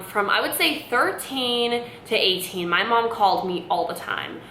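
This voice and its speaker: A woman's voice: medium pitch, slight background noise. A woman in her late twenties telling a personal story to camera in a rambling, casual way, full of "like" fillers. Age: late 20s. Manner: rambling, many "like" fillers, animated retelling. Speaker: vlogger. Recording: roomy, echoey room.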